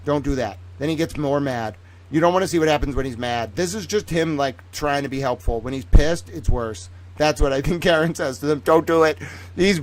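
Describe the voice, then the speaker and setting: A man's voice: a little high, rough recording. A man streaming a profane, sarcastic monologue, swearing freely and acting out imagined conversations in different voices. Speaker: independent streamer and commentator.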